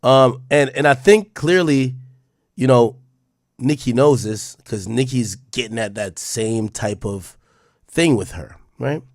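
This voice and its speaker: Male streamer, mid-pitched, rambling, swears a lot, mutters to himself, close and dry. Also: slow, dry recording. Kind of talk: livestream commentary reading posts aloud.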